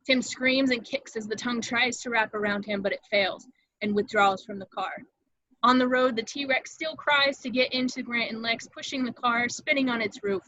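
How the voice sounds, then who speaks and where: Bright-voiced woman reading stage directions. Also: a little high, moderate pace, no room sound, muffled recording. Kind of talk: table read narration.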